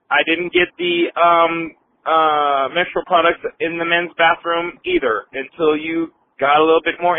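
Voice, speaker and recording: A man calling a show, rambling and teasing, heard over a phone line. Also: fairly high pitch. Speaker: caller. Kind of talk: phone voicemail.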